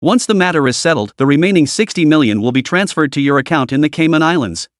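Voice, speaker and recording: Brief: smooth male spy agent, confident and persuasive, read by a man, slightly high voice, dry. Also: expressive, fast talker, no room sound, close to an everyday voice.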